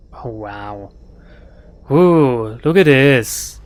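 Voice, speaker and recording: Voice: medium pitch, big pitch swings, normal speed. A gaming YouTuber giving casual let's-play commentary, joking, swearing and laughing at their own slips while playing.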